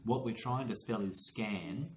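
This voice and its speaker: A man's voice: lowish voice, unhurried, a crowd in the background. An Australian man teaching a small-group reading lesson, patient and encouraging, calling his students "mate" as he walks them through spelling rules. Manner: encouraging, patient, matey coaching. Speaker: literacy teacher. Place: classroom. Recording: roomy classroom echo.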